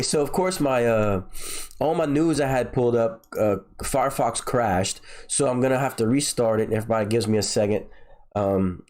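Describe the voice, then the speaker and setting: A man's voice: on the low side, a little mellow. Congested nasal man streaming. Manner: rambling, repeats words and restarts often. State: nasal and congested from a sinus infection. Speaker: crypto livestream host. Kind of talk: casual livestream commentary.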